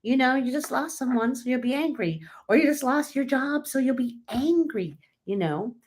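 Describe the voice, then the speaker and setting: A woman's voice: high-pitched, animated, normal speed, darkish tone, slightly rough. A woman hosting her own vlog, talking in a candid, casual way with many fillers and restarts. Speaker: tarot channel host. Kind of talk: casual personal vlog talk.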